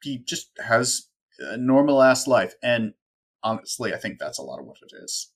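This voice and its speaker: A man's voice: mid-range voice, big pitch swings, normal speed, breathy edge. Sarcastic man co-hosting a chat. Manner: sarcastic, wry joking asides. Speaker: podcast co-host. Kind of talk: casual chat.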